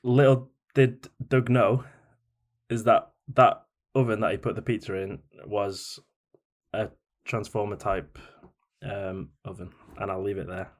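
A man with a fairly low voice joins a podcast as a guest over a call. He talks hesitantly and fills his pauses with ums as he explains things. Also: fairly even intonation. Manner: hesitant, self-conscious, many fillers. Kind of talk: casual chat. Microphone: remote call mic.

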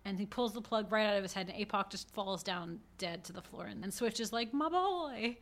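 A woman co-hosting a podcast, recapping a film in casual chat, animated and laughing a lot as she acts out lines. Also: mid-range voice, fairly quick. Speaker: podcast co-host.

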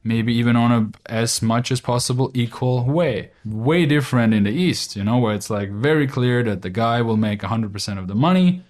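A blunt young man with an Austrian accent talks straight through a casual podcast monologue. His voice sits at an everyday middle pitch, loose and informal, with the odd swear word dropped in without a second thought. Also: moderate pace, hardly any pauses, darkish tone. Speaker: podcast host.

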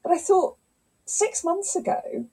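A middle-aged woman, a scientist and author, telling stories in a lively conversational interview. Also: very high voice, unhurried, vocal fry, low-quality recording. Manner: animated storyteller, acts out quotes.

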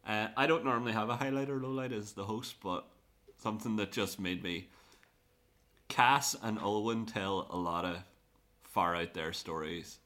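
Deep, bright-voiced Irish male host. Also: moderate pace. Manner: jokey, laughs along, leads segments. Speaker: podcast host. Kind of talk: casual panel chat.

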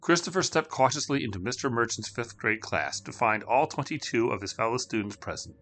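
A man's voice: mid-range voice, expressive, a little fast, fairly bright tone, a little hiss or hum. A man narrating a spooky children's story with dramatic, shifting delivery.

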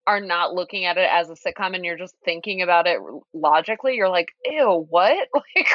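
A woman's voice: fairly low pitch, quick pace, no room sound, lo-fi sound. A woman guest on a podcast, chatting casually, laughing often and readily agreeing. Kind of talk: casual chat.

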